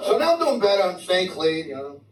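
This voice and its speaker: A man's voice: high voice, big pitch swings, fairly quick, very noisy. A man from New doing brash stand-up with stammered restarts and crude punchlines. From New York City. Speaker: stand-up comic. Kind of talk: live stand-up set. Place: comedy club stage with audience. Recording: roomy live club recording from a distance. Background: audience laughter.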